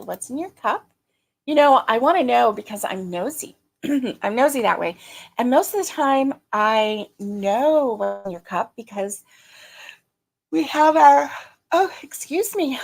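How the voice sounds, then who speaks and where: A middle-aged woman hosting a casual live stream, greeting viewers by name, chatty and quick to laugh, her throat a little strained. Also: a little high, animated, vocal fry. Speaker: livestream host.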